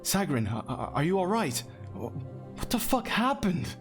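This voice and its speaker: A jittery young miner stumbles over his words, his voice lifted well above its usual pitch, as a man puts him on. He sounds anxious and caring in a tabletop fantasy game, with faint music underneath. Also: very animated, moderate pace. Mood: alarmed. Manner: stammering, alarmed.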